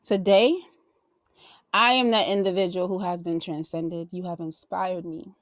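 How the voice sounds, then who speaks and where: A woman podcast host with a lowish voice, gushing heartfelt praise in rolling, sermon-like affirmations. The sound is dry and close, with no room around her. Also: fairly even intonation, measured pace, dry recording. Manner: effusive, heartfelt, preacher-like affirmations. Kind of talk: casual chat.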